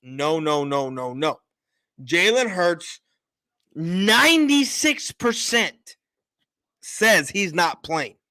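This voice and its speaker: A man hosting a sports show, talking loudly and insistently, repeating his points after a few drinks. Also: on the high side, expressive, takes it slowly, long pauses. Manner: loud, emphatic, repetitive insistence. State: been drinking a little. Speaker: sports podcast host. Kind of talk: heated sports opinion talk.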